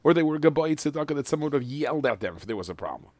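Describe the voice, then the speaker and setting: A man's voice: a little high, lively intonation, darkish tone, no echo. Man teaching a Mishnah in Yeshivish English. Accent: Yeshivish English, Ashkenazi Hebrew. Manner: explanatory, chanting Hebrew text slowly. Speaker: Torah teacher. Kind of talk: Mishnah lesson.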